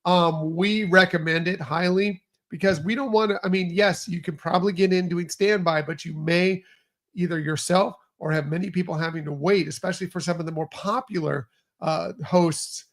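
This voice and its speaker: High, gravelly-voiced chatty podcast host. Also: male voice, fairly even intonation, moderate pace. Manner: upbeat, chatty, rambling. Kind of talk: casual chat.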